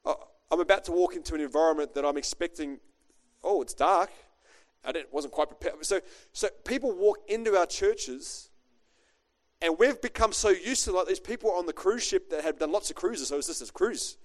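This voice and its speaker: Fast-talking pastor, joking storyteller. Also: male voice, high voice. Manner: chatty, joking, animated. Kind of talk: storytelling sermon.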